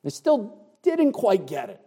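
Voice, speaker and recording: A man preaches verse by verse, stressing each word with deliberate emphasis. His voice is dark and mellow, though pitched a touch high. The sound carries a long reverb, as in a church hall. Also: wildly swooping pitch, breathy edge. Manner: explains Greek words, emphatic and deliberate. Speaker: pastor. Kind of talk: expository sermon.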